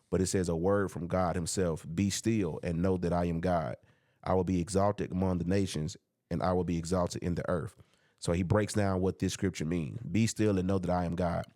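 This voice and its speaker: Low-voiced man preaching casually. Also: a little mellow, no room sound, clean studio sound. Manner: preachy, reads scripture aloud, drawls with slang. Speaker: podcast co-host. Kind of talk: casual faith talk.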